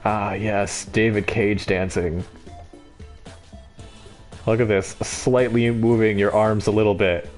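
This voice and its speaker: A man's voice: lowish voice, fairly even intonation, takes it slowly, long pauses, darkish tone, faint music behind. A man streaming a game live, giving sarcastic, mocking commentary on what he sees.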